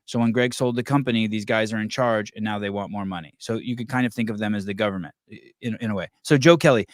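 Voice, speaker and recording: A man's voice: lowish voice, quick pace, hardly any pauses, no room sound, studio quality. A man hosting a podcast in casual chat, swearing freely and restarting his sentences often. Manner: profane, rambling, many restarts. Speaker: podcast host. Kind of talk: casual live-stream chat taking calls.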